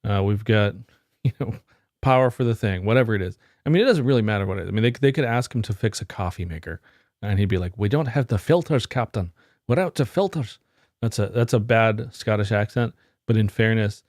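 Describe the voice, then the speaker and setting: Gravelly low-voiced man, casual tech vlog. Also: a little mellow, dry recording, clean studio sound. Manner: wry, rambling storyteller. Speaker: IT career vlogger. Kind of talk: casual explanatory talk to camera.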